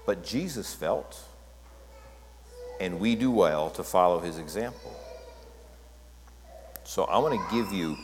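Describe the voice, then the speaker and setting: Low-voiced male pastor in a reverberant hall. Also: background noise. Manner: conversational, checks in with listeners. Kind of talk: sermon.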